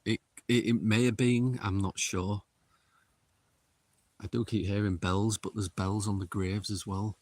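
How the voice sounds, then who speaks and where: A middle-aged man, livestreaming a paranormal investigation outdoors in a windy cemetery and calling out slowly to spirits in a hushed voice. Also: lowish voice, level tone, no room sound. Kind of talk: casual live commentary.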